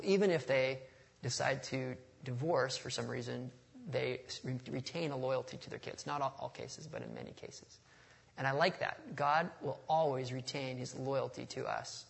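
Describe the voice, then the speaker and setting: A man's voice: mid-range voice, gravelly. A man preaching a sermon in a conversational, storytelling way, with touches of humor and a passage read aloud.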